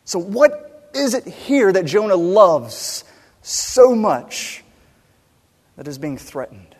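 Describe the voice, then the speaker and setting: A man's voice: high voice, slow. Preaching man in a reverberant hall. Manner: animated, wide swings between loud emphasis and quiet asides. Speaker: pastor. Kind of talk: sermon. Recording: long reverb in a large hall.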